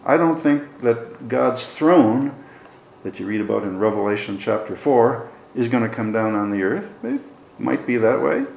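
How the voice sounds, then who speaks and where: A man's voice: mid-range voice, gravelly, reverberant, poor audio. A middle-aged man preaching a sermon in a conversational Bible-teaching manner, with folksy asides.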